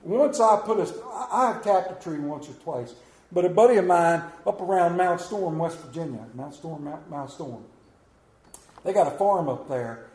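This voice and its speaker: A man's voice: fairly high pitch, normal speed, a little mellow. A middle-aged man with an Appalachian accent preaching a sermon in a church, telling folksy, joking stories and putting questions to the congregation. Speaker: pastor. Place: church sanctuary. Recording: roomy echo of a church hall.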